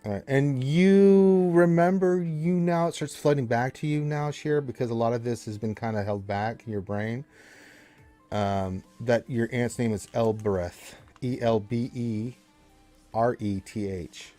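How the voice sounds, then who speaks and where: A man's voice: medium pitch, measured pace, mellow, faint music behind. A man narrating as game master of a tabletop game in a loose, conversational way with fillers.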